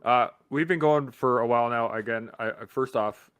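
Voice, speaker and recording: Profane, animated man telling stories. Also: medium pitch, normal speed, smooth. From Canada. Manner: profane, animated storyteller who laughs often. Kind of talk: casual motivational storytelling.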